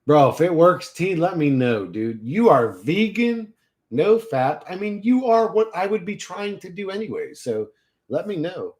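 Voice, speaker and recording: A man's voice: high-pitched, big pitch swings, a little slow, a little mellow. A man streaming casual chat with viewers, talking in a crude, profane way and laughing often.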